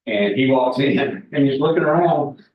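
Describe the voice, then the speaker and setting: A man in his forties, a guest speaker at a real estate team meeting, tells candid stories and jokes with the room in a folksy way. His medium-pitched voice has lively intonation at normal speed, picked up far from the mic in an echoey room with dull sound and slight background noise.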